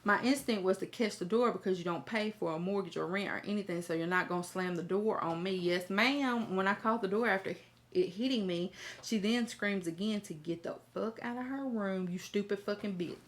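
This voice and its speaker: A woman's voice: mid-range voice, fairly quick. A woman host reading a viewer's email aloud and reacting in a blunt, profane, chatty way, talking straight to her viewers.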